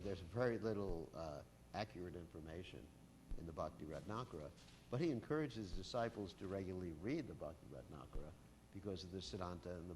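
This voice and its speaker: A man giving a devotional scripture lecture in a relaxed storytelling manner, full of "uh" and "you know", speaking to a masked audience. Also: low-pitched, slight background noise. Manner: casual storytelling with frequent fillers. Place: temple hall with a masked audience.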